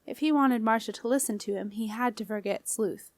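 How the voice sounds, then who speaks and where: A woman reading an audiobook aloud in a measured storytelling way. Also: a little high, no room sound. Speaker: audiobook reader. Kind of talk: scripted audiobook narration.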